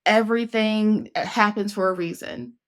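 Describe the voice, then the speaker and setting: A woman's voice: mid-range voice, normal speed, smooth. A woman hosting a casual conversation, telling her story in an earnest, reflective way. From Northeast Ohio, USA. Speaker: podcast host.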